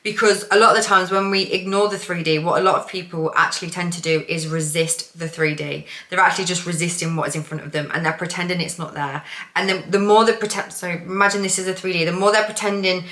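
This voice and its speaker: A chatty woman talks casually as a coach, swearing freely and laughing at herself. Her voice is bright and forceful, and it rings in a roomy, echoing space. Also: fairly low pitch, steady tone, fast talker. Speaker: manifestation coach. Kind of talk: casual vlog talk. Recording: roomy echo.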